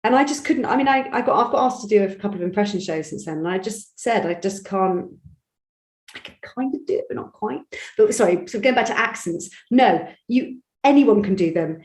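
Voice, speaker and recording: Chatty Bristol woman, echoey room. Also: mid-range voice. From England. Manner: chatty, animated storytelling with quick restarts. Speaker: audiobook narrator guest. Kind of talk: conversational interview.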